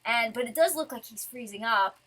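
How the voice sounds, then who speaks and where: A young woman with a bright, forward voice and a slightly high pitch rambles excitedly through a comic review. Her talk is loose and gushing, with casual cursing thrown in. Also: fairly quick, breathy edge. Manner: rambling, excitable fan commentary with casual swearing. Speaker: manga reviewer.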